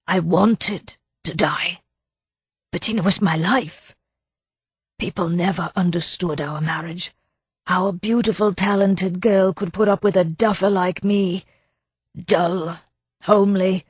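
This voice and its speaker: A woman reading an audiobook, voicing a shy, grieving older man who speaks softly and apologetically. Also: lowish voice, slightly rough, no room sound. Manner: soft, apologetic, subdued. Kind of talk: audiobook narration.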